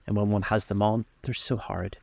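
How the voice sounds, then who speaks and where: A serious, anxious painter speaks gravely in a low, gravelly voice, as a man reads him aloud. His pleading tone stays plain and quiet, like a storybook reading. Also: little pitch movement, brisk.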